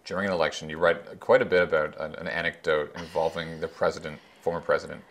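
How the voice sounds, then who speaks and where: A woman interviewer asking measured questions with a few hesitant fillers. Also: rumbling low, little pitch movement.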